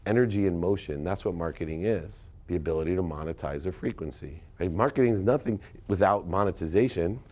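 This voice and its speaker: A middle-aged man giving a motivational speech to a live audience, telling stories emphatically and swinging between loud punchlines and quiet asides. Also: low-pitched, brisk, hardly any pauses. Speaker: keynote speaker.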